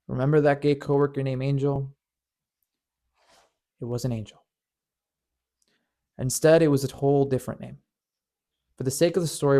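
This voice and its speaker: A man's voice: medium pitch, dark tone. A man narrating a painful personal story in an earnest, emotional way, often stammering and repeating words. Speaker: storyteller and channel host.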